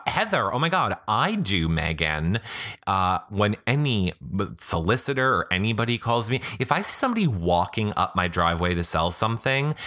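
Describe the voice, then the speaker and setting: A man hosting a podcast, reading blogs with comic commentary, animated and interrupting himself with quick asides. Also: lowish voice. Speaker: podcast host. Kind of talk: comedic blog reading with commentary. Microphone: podcast microphone.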